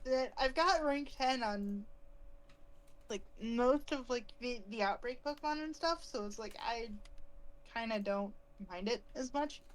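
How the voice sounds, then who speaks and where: High-voiced British woman chatting over gameplay. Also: measured pace, poor audio. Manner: chatty, self-mocking, many restarts. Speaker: streamer playing a game. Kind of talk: casual gameplay chat.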